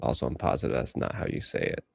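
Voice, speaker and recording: Speaking fast on a dry recording, a man in his thirties streams live as he edits photos. He talks to himself in a rambling way, musing aloud in casual commentary while he works.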